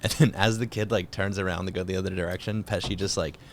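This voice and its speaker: A young man with a low-pitched voice talks loosely and profanely, recounting film scenes with animated energy. A faint rumble sits under the recording. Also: fast. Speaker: podcast co-host. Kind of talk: casual chat.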